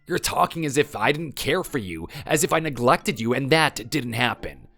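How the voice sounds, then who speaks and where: Brief: man as pleading husband, expressive delivery, soft music underneath. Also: medium pitch, normal speed. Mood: defensive. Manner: defensive, pleading. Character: defensive husband clinging to his marriage. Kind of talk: scripted dialogue drama.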